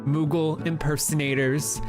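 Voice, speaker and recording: A man's voice: on the high side, level tone, lightly acted. A man voicing a self-righteous, nosy middle-aged woman neighbor in a comedy sketch over a game video, preachy and indignant. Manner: preachy, indignant, slow and drawn-out. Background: background music.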